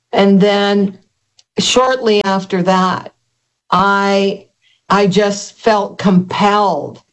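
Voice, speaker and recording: Older woman, earnest halting testimony, interview guest, mid-pitched voice. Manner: earnest, halting storytelling with many restarts.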